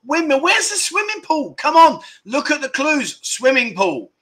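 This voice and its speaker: A man hosting a livestream, reading viewer comments aloud and reacting with loud, jokey exclamations. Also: extremely high pitch, a little slow. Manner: excitable, jokey, exclaiming loudly. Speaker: livestream host.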